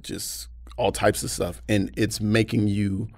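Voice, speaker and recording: A man's voice: lowish voice, unhurried, no echo. An American man, a comedian guest, telling personal stories candidly and acting out other voices. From United States. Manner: animated, acts out voices. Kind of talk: candid storytelling chat.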